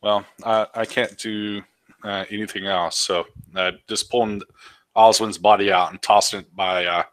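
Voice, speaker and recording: A man's voice: lowish voice, steady tone, normal speed, a bit bright, no room sound. A man playing a tabletop game, talking hesitantly with many fillers. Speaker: player.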